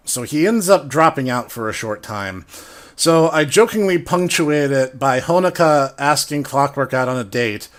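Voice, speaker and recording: Slow-talking man recounting a game, laughing. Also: a little high, a bit bright. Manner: rambling, laughing, self-correcting. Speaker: game master retelling a campaign. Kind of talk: casual storytelling.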